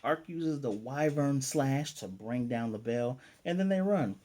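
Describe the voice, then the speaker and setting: A man giving a casual, animated recap of an anime episode as a reviewer and acting out the characters' lines as he goes. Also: mid-range voice, a little slow.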